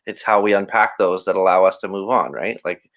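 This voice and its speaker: A man with a somewhat low voice talks through personal matters on a podcast. He sounds reflective and open. He often restarts his sentences as he works out what he wants to say. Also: steady tone, fairly quick, a bit bright. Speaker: podcast guest. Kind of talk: casual interview chat.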